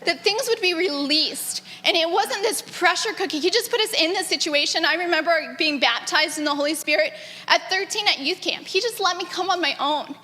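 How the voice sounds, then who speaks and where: A woman in her thirties gives a personal testimony, her voice high and sharply bright. She talks earnestly and with animation, often laughing. The long reverb of a large hall trails every phrase. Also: fairly quick. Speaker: granddaughter sharing memories. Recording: echoey hall.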